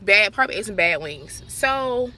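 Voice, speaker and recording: Young woman w/ vlogging, chatty and slangy, mid-pitch, street noise behind. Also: moderate pace. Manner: chatty, animated, slangy, talks to viewers directly. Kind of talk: casual storytelling to camera. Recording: noisy background, traffic outdoors.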